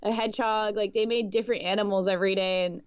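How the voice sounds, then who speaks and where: A woman's voice: medium pitch, fast talker, clear, resonant tone, no room sound. A woman chatting casually on a podcast, retelling stories with frequent laughter. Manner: laughs often, lively retelling. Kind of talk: casual chat. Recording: dull, dry lo-fi sound.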